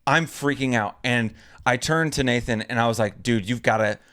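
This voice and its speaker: Young guy, podcast co-host, casual storyteller, smooth clear voice, lively when quoting. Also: mid-range voice, normal speed. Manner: animated, acts out quotes in a raised voice.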